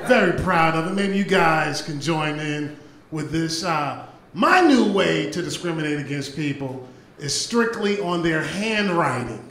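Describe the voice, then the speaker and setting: A man doing a loud, animated stand-up comedy set in a club, with profanity and crowd work. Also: on the high side, a little slow, slight background noise. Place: comedy club stage before a live audience. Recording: echoey club with audience laughter.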